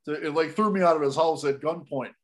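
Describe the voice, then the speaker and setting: A man telling a long story on a podcast, animated, with quick restarts and laughs along the way. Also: fairly high pitch. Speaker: guest storyteller.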